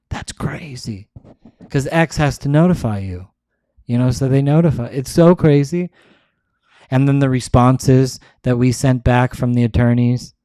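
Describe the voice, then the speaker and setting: A man's voice: on the high side, a little mellow, no echo. A man hosting his show, talking in a casual, rambling monologue full of restarts. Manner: rambling, restarts often, many "like"s. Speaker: show host.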